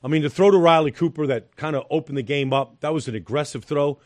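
A middle-aged man sits in as a studio guest for football analysis, speaking emphatically and leaning on repeated phrases and fillers. His voice is slightly high with a darkish tone, he talks at a quick clip, and there's no echo.

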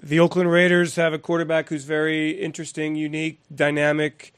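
A man's voice: on the high side, monotone, fairly quick, fairly bright tone, clean tone, no echo. A man hosting a studio sports interview, upbeat and laughing along with his guest. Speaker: interview host.

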